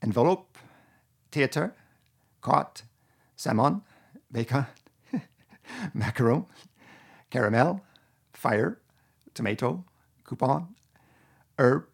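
Man doing a loud, higher French-Canadian accent. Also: expressive, drawn-out words, creaky, pauses often, slightly rough, heavily acted. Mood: playful. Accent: French Canadian (put on). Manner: exaggerated, loud, breaking into laughter. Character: male French-Canadian speaker reading words.

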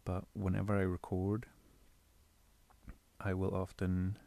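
A man in his bedroom giving casual spoken tips on voice recording, explaining in a relaxed, rambling way. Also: low voice, takes it slowly, creaky, no echo. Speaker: audio creator giving tips. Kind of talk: casual instructional talk.

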